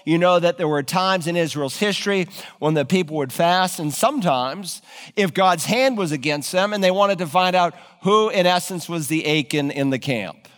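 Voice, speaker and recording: A man preaching a sermon, retelling scripture with animated, dramatic storytelling in a church. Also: sits high, moderate pace, in a large hall. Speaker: pastor.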